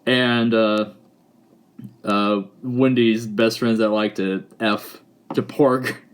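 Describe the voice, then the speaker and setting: A man's voice: lowish voice, fairly even intonation, slow, clear, resonant tone. A man hosting a reaction video, laughing often and rambling casually as he corrects himself mid-thought.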